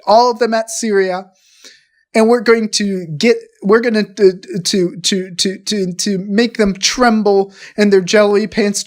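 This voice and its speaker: Rambling, profane man doing improv chat. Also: sits high. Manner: rambling, halting, profane, with many restarts. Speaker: podcast co-host.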